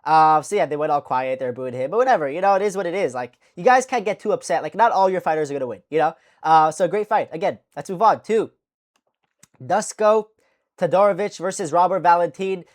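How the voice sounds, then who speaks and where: A woman hosting a casual fight recap vlog, talking in a profane, rambling way and correcting herself as she goes. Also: on the low side. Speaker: MMA channel host.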